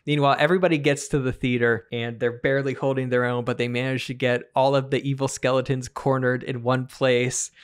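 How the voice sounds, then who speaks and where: A man co-hosting a comedy podcast, improvising a story and jumping into squeaky character voices for the figures. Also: flat delivery, a little fast, few pauses, smooth. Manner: acts out characters with sudden high-pitched voices. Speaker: podcast co-host.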